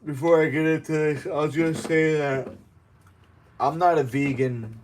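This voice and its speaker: A man's voice: fairly high pitch, steady tone, measured pace, a little mellow, a little hiss or hum. A man hosting a home news show, reading articles aloud and breaking off into sarcastic asides while he cooks in his apartment. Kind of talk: casual news commentary while cooking. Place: apartment kitchen.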